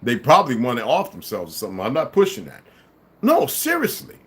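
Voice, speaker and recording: A man speaking live to his viewers in a combative monologue, dropping to low mutters and rising to loud, emphatic outbursts, with occasional laughs and repeated words. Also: huge pitch swings, a little fast. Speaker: livestream commentator.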